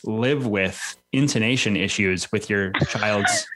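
A middle-aged man hosting a podcast, chatting in a relaxed way with fillers. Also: fairly low pitch, slow pace. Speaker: podcast host. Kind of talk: casual interview chat.

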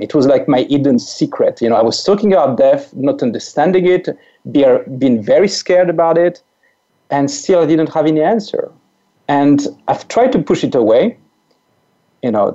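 A man's voice: mid-range voice, animated, normal speed, dark tone. A man in his forties with a French accent, a guest chatting casually and often repeating words as he searches for them. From France. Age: 40s. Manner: repeats words, laughs as he talks. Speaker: podcast guest, life coach. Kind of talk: casual conversation. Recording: dull lo-fi audio.

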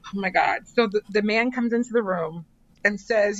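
As a psychic guest, a woman tells a personal story in conversation, dramatically acting out voices and repeating phrases for effect. Her voice is mid-range, her pace moderate, and the recording sounds muffled.

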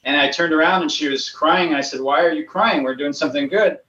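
A man guest telling a story in an earnest, slightly halting way. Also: a little high, sharp tone, a little hiss or hum. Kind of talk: casual storytelling. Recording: distant echoey lo-fi call audio.

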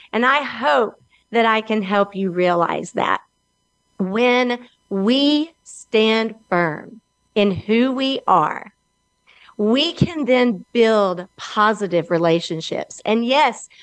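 Slow, earnest Southern woman host. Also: a little high, a bit bright, no echo. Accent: Southern US (Alabama). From Alabama, USA. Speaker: podcast host. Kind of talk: scripted motivational talk.

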